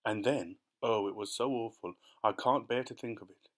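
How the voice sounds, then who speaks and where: A man's voice: lowish voice, moderate pace, natural voice. A man voicing a sad, fearful female spider in a storybook audiobook, telling her woes in an anxious way. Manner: tearful, anxious.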